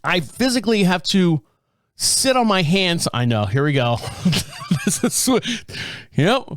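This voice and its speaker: A man's voice: high voice, big pitch swings, measured pace. A man hosting a comedic solo podcast, telling a rambling story and often laughing at himself. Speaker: podcast host.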